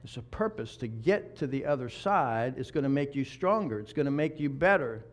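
A man preaching a sermon as pastor, moving from quiet, intimate passages to loud, rousing ones. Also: mid-range voice, expressive, moderate pace.

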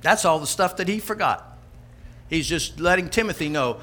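High, bright-voiced energetic older male preacher. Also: moderate pace. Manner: energetic, emphatic, storytelling. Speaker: pastor. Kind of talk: sermon.

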